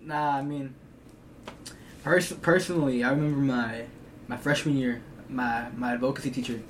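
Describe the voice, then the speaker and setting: A man's voice: medium pitch, fairly even intonation, unhurried. A teenage man in casual chat, telling rambling stories in heavy slang. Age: teens. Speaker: co-host. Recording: distant mic with background hiss.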